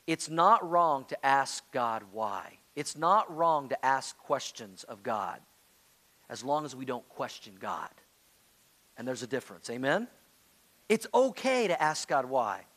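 A man preaching a sermon as pastor, moving between loud pleading outbursts and quiet, hushed lines. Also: medium pitch, sing-song, a little slow. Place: church sanctuary.

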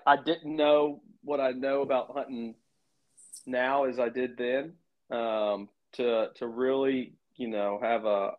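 A young man with a drawl chats casually on a podcast. He talks in halting bursts and keeps restarting his sentences. The recording is a little dull and lo-fi. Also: mid-range voice. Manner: halting, many restarts and fillers. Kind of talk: casual chat. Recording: muffled lo-fi recording.

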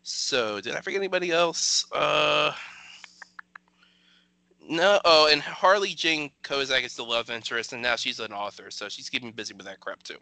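Guy hosting a movie podcast, bright voice, rambly, dry sound. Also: medium pitch, normal speed, vocal fry, no room sound. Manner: rambling, reads trivia aloud. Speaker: podcast host. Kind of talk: casual movie commentary chat.

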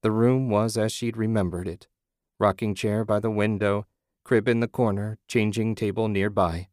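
A low-pitched male narrator reads a story aloud in a measured, low-key manner. The recording is close and dry, with no room sound. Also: fairly even intonation, a little mellow, no echo. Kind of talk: audiobook narration.

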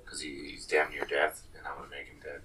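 A man's voice: a bass voice, fast, far from the mic, a little hiss or hum, low-quality recording. A man playing a tabletop game, bantering casually and swearing. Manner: relaxed, profane banter. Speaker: player.

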